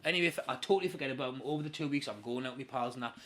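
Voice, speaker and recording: A young man telling an excitable story as a podcast guest, swearing and asking "right?" often. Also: mid-range voice, very fast. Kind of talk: animated storytelling.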